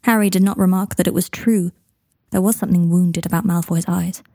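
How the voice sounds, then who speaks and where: A woman narrating fan fiction in an even, steady storytelling manner. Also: on the low side, fairly quick, no room sound, studio quality. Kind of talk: reading fan fiction aloud.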